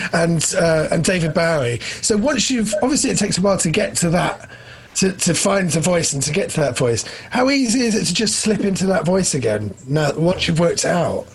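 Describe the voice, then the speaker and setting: A man's voice: high voice, rough recording. A man interviewing a guest in a casual chat, asking long rambling questions. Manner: rambling, many fillers and restarts.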